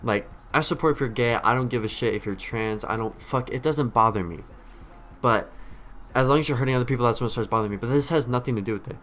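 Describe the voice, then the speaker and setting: A man's voice: medium pitch, fast talker, a bit bright. A man streamer giving a rambling, blunt commentary rant, swearing heavily as he talks. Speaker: streamer reacting to clips.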